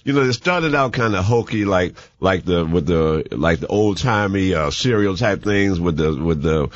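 A man talks casually about movies, wandering through his thoughts with restarts and fillers. His pitch swings widely as he gets animated. The recording is dry and slightly dull. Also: moderate pace, no room sound. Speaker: movie reviewer on a talk show. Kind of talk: casual chat.

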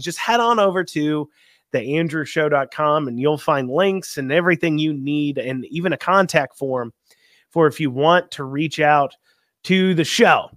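A man's voice: fairly high pitch, measured pace, fairly bright tone, no echo, studio quality. A man hosting a conservative radio talk show, rambling folksily with many ums and restarts. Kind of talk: casual political talk radio.

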